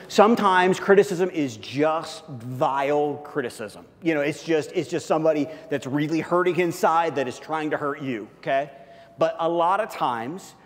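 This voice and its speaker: A man's voice: mid-range voice, darkish tone, long reverb tail. A man preaching a sermon in a casual, conversational way, full of fillers and asides. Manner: conversational, heavy use of fillers. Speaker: pastor.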